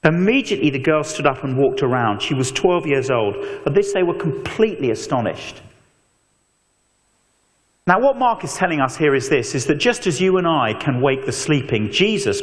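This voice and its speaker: A man preaching an animated evangelistic talk, telling stories with mock voices and asides. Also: fairly high pitch. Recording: long echo of a large hall.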